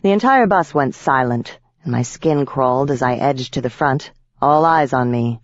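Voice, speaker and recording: A woman narrating a first-person audiobook with a wry, lively storytelling manner. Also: a bass voice, moderate pace, highs cut off.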